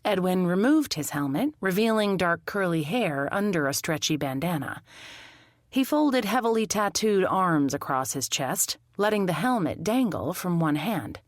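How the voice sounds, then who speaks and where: A woman narrating a first-person mystery audiobook in an expressive, lively storytelling manner. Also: on the low side, normal speed, no echo, studio quality.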